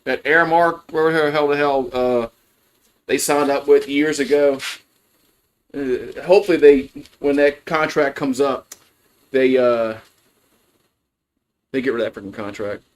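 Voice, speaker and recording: A man's voice: medium pitch, a little slow, long pauses. A man giving casual, rambling play-by-play of a college baseball game on a livestream, full of fillers and restarts. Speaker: fan play-by-play host.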